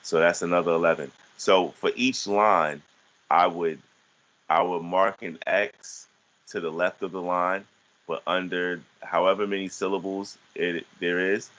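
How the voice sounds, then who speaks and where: A man with a deep, low voice talks through a lesson for an online class. He explains patiently and often stops to restart his sentences. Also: steady tone, a bit bright, rough recording. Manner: halting, many restarts and fillers. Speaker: teacher.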